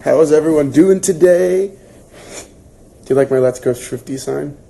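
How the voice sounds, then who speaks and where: Gravelly, husky young man chatting casually. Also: fairly high pitch, normal speed. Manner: chatty, relaxed, filler-heavy, reacting to comments. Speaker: book club host. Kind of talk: casual livestream chat reading viewer comments.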